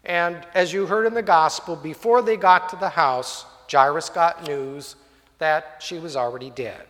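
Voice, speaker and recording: A man's voice: fairly high pitch, unhurried, fairly bright tone. A male preacher telling a story in a sermon, vivid and dramatic, in a church hall. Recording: long hall reverb.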